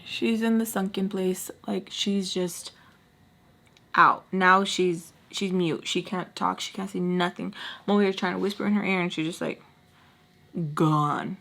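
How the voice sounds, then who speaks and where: A young woman vlogger telling a storytime in a casual, animated way, full of fillers and acted-out quotes. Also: fairly low pitch, moderate pace, vocal fry. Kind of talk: storytime vlog.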